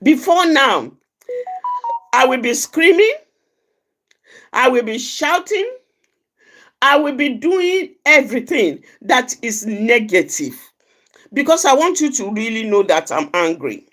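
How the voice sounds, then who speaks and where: Earnest woman with a lively, swooping voice. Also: a little high, slow pace, long pauses. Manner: earnest, repeats phrases for emphasis. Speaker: outreach speaker. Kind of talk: personal reflective talk on anger.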